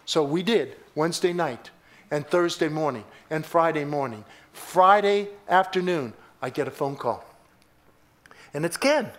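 A pastor delivers his sermon in a fairly high male voice. He preaches emphatically, bursting into loud exclamations and then dropping to hushed asides. He tells stories with repeated words and restarts along the way. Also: a little slow.

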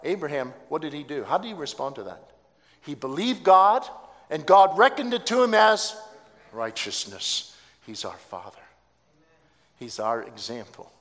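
A man's voice: sits high, a bit bright. A man preaching a sermon, telling a story dramatically and with emphasis. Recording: long hall reverb.

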